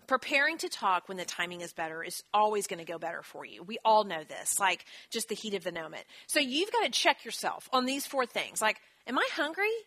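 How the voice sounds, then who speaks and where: A woman, teaching a church marriage class in a chatty, self-deprecating way with quick asides. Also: medium pitch, sharp tone. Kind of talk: teaching talk with scripture.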